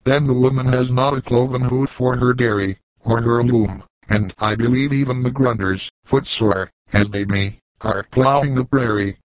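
A man's voice: medium pitch, fairly even intonation, normal speed, hardly any pauses, no room sound, lightly acted, low-quality recording. A man reading the part of a huge, hostile emigrant leader who speaks bluntly and accusingly. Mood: angry.

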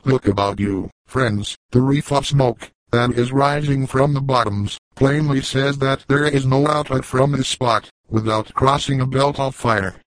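A man's voice: mid-range voice, steady tone, unhurried, few pauses, dry recording, lightly acted, rough recording. A man voicing a grim, solemn old frontier trapper who speaks in weighty, archaic phrases. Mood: grave warning. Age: older.

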